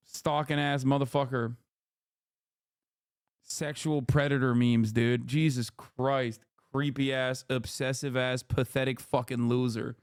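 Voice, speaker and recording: A man's voice: mid-range voice, level tone, a little slow, clear, resonant tone, no room sound, studio quality. A man giving heated, profane reaction commentary on a livestream, ranting and mocking what he reads. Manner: mocking quoted voices. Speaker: streamer.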